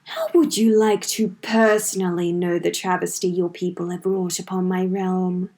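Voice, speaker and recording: A woman's voice: lowish voice, fairly even intonation, moderate pace, a little mellow, natural voice. A woman voicing a smug, cold male shadow warlord with a hissing, foreign-sounding accent in a fanfiction reading. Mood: menacing. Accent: foreign-sounding put-on accent. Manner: hissing, sinister.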